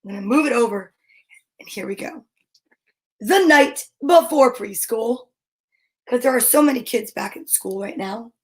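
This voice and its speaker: A woman with a high-pitched voice reads picture books to young children. She keeps it casual and cheerful, comments on each page as she goes, and eases into a slow lilting rhythm when she reads rhyming verse. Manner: chatty and cheerful, comments between pages; slows down and lilts when reading verse. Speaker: storyteller reading picture books aloud. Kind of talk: casual read-aloud for children.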